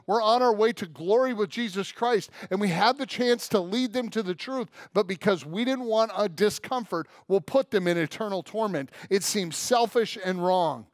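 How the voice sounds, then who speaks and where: A male pastor delivers a sermon in a fairly high voice, telling a story and acting out the dialogue. His delivery is emphatic and direct. The sound is dry and close, with little room echo. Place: church.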